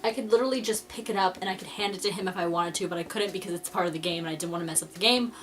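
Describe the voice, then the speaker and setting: Bright, excitable young woman vlogger. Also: fairly low pitch, racing. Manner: excitable, giggly fangirl storytelling. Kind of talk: story-time vlog.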